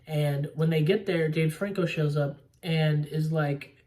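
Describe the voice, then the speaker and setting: A man's voice: fairly high pitch, fairly even intonation, unhurried, darkish tone. A young man casually recapping a movie plot, rambling with lots of fillers and the odd swear word. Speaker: movie podcaster. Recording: voice a bit distant from mic.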